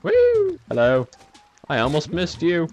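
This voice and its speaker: A man's voice: on the high side, huge pitch swings, slow pace, a little mellow. A man giving casual, self-mocking commentary over a video game, laughing often at his own mishaps. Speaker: let's play commentator.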